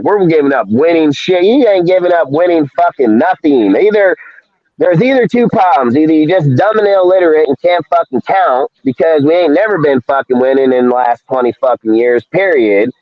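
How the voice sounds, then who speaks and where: A podcast co-host rants angrily and profanely in a heated sports call-in segment on a talk stream, his voice swinging between high and low pitch. He sounds animated and talks at normal speed. The audio has no echo, but the highs are cut off.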